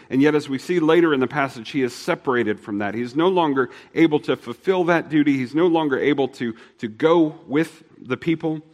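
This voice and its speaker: A man's voice: mid-range voice, long reverb tail. Earnest man preaching a sermon. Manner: earnest, shifts between fast and slow, drops soft for emphasis. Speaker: pastor.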